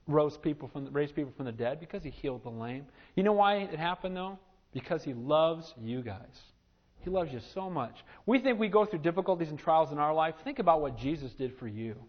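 A male pastor preaching a sermon, swinging from loud exclamations down to hushed, earnest tones. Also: sits high. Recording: muffled lo-fi recording.

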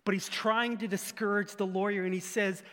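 A man preaching a sermon in an animated way, asking the crowd rhetorical questions and breaking into sudden shouts. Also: high-pitched, moderate pace. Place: church hall. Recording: echoey hall with long reverb.

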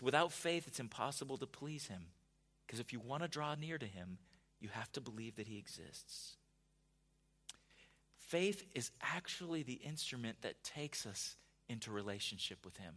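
A male pastor with a mid-range voice delivers a conversational sermon, frequently restarting words and building up to louder, emphatic passages.

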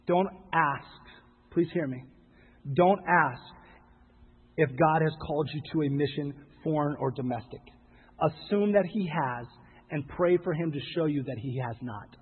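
A male pastor preaching a sermon, pleading with his listeners and rising to loud, impassioned exhortation. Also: a little high, slightly rough. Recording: phone-like sound with long hall reverb.

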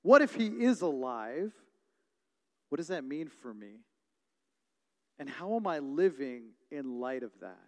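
A man in his thirties, a pastor preaching a sermon and telling stories with lively energy. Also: on the high side. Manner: storytelling, animated when retelling family moments. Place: church hall. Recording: long reverb of a large hall.

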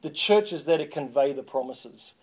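A man preaching a sermon as a pastor, lively and joking, calling on the congregation to respond. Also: on the high side, normal speed, slightly rough.

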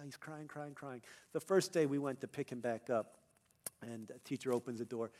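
A young male pastor preaching a sermon, telling a personal story and building to loud, emphatic peaks. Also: medium pitch, moderate pace.

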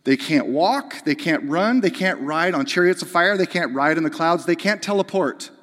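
A man preaching a sermon, building to emphatic, fervent peaks and dropping back to soft, earnest explanation. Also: on the high side, animated, moderate pace. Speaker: pastor. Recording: long hall reverb.

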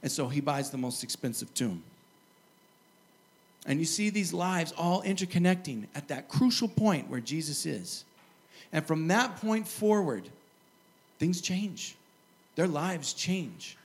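A middle-aged man preaching a sermon, telling stories with lively asides and chuckles. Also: a little high, unhurried, long pauses. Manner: lively storytelling, animated asides and laughs. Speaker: pastor.

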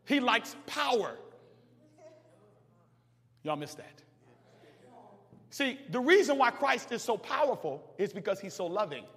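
A pastor preaches with a very high, lively voice, rising and falling in pitch. He drops to quiet talk, then hollers at full force. His voice carries through the long echo of a big church hall. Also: unhurried, pauses often. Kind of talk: sermon. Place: church sanctuary. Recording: long reverb of a large hall.

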